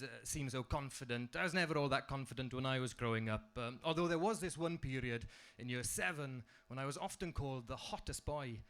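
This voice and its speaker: A man's voice: fairly high pitch, a bit bright. A young man with a strong Welsh accent performing a stand-up comedy set on a club stage, delivering punchlines dryly. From Wales.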